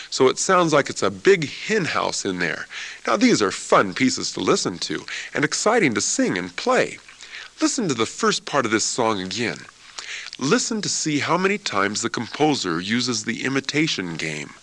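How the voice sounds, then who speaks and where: A man teaching a music lesson for children, with an expressive, playful way of explaining. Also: mid-range voice, moderate pace. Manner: expressive, playful, imitates chicken sounds. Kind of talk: classroom lesson narration.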